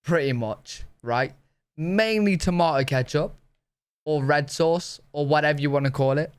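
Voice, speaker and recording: Guy reacting to a video, chatty and excitable, kinda high-pitched. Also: clear, resonant tone. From Britain. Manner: chatty, excitable, asks quick questions. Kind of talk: casual reaction commentary.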